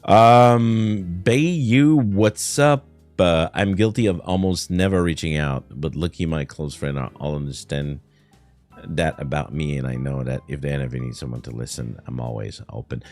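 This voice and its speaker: A Quebec streamer, a native French speaker with a Quebec French accent, chats casually on a livestream in a lowish voice. He whines and rants, laughing a lot and swearing, and the recording has no echo.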